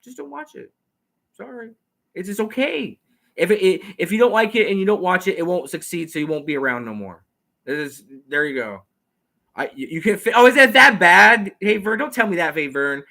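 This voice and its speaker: Guy hosting a chatty show, rambles a lot, kinda high bright voice. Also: lively intonation. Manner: rambling, repeats words, talks fast. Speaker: host. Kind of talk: casual chat.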